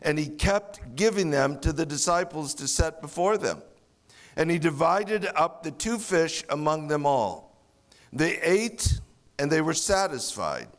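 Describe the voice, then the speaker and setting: A male pastor delivering an expository sermon at a slow, deliberate pace. His voice sits a little higher than most men's. He slips into playful, sarcastic voices to act out the people in the story. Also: animated. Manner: expository preaching, acts out sarcastic voices of the disciples.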